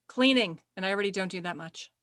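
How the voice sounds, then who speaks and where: A middle-aged woman chatting as a podcast guest, animated and quick to laugh while telling stories. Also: mid-range voice, dry recording, clean studio sound. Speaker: podcast guest, speaker agent. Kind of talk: casual interview chat.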